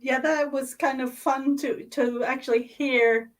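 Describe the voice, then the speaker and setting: A woman's voice: high-pitched, steady tone, distant mic. A woman with a Swedish-tinged English accent, a guest on an art stream, chatting casually with many laughs and restarts. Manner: giggly, halting, many restarts. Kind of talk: casual chat while crafting.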